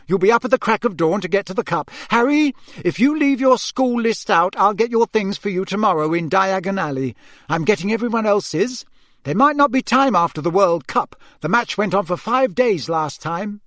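A man's voice: sits high, expressive, moderate pace, a bit bright, no echo, studio quality, voice pushed up. A man reading an audiobook who voices a fussy, doting mother, scolding and bossing her grown children in a raised voice. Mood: bossy. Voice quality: scolding, fussing. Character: fussy middle-aged mother, bossy but doting.

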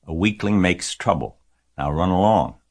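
A man reading aloud and voicing a gentle but firm farm father speaking patiently to his daughter. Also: low-pitched, normal speed. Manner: calm, patient.

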